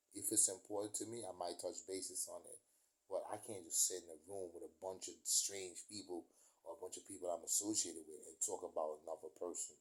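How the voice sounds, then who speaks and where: Profane New man ranting. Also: deep voice. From New York, USA. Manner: profane, emphatic street talk. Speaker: vlogger. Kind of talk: ranting storytelling monologue.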